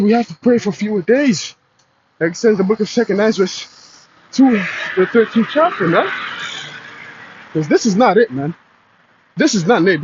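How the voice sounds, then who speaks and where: On a dull lo-fi recording, a man with a high-pitched, slightly rough voice preaches in a casual street style. His speech is slangy and packed with "man" and "you know".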